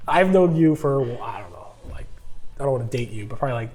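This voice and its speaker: A man's voice: medium pitch, expressive, fast, a little mellow, slight background noise. A man hosting a casual vlog, talking on the road and then chatting with a guest, with lots of fillers and jokes. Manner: chatty, filler-heavy, joking. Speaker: vlog host. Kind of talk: casual vlog talk and interview. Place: driving in a car, then indoors at an office.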